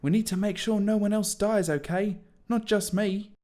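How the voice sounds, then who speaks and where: A man voicing an anxious, bewildered teenage boy wizard in a strained, squeaky voice. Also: fairly even intonation, moderate pace, a little mellow, natural voice. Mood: earnest.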